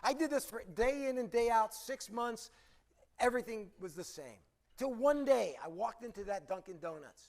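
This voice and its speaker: A man giving a conference presentation, telling a story in an animated way and asking the audience questions. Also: extremely high pitch, normal speed. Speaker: conference speaker.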